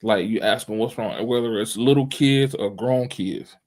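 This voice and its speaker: A man's voice: on the low side, moderate pace, darkish tone. A man in his thirties hosting a podcast in casual chat, talking animatedly, acting out quotes and restarting his phrases. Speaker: podcast host.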